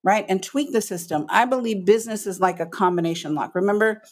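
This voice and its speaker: Animated middle-aged woman telling her story. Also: medium pitch, a little fast. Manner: animated storyteller, acts out quoted voices, emphatic. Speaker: guest, business coach. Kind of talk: candid podcast interview.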